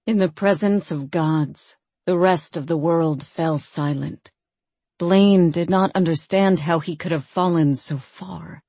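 A woman reading a fantasy novel aloud as a narrator, in a measured storytelling manner. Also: deep voice, no room sound. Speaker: audiobook narrator.

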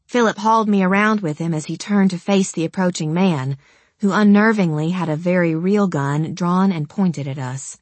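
A woman's voice: on the low side, no echo. A woman narrating an audiobook in the first person, in a wry, conversational and casually profane manner.

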